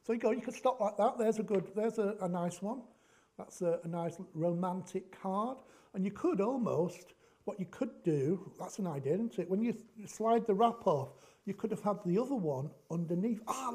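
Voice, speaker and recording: A man's voice: high voice, animated, normal speed, dark tone. A middle-aged man hosting a chatty craft tutorial, joking and thinking aloud as he works. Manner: jokey, rambling, thinks aloud. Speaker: craft demonstration host.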